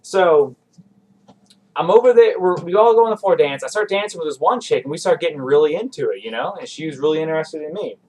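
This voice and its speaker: A man telling a rambling, self-deprecating story as a podcast guest, with quick restarts. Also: fairly high pitch, lively intonation, a little mellow, recorded from a distance, low-quality recording. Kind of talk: casual storytelling.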